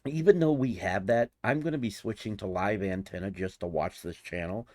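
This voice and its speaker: A man in his forties rambling in casual commentary, excitable and gushing, often restarting his sentences. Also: fairly low pitch, a little fast, no echo, clean studio sound. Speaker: YouTuber.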